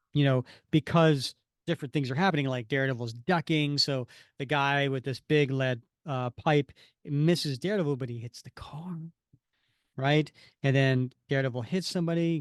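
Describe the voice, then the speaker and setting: A man co-hosting a podcast, giving a rambling, animated recap of a comic with lots of fillers. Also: medium pitch, clean tone, no room sound, studio quality. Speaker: podcast co-host. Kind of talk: casual comic-book chat.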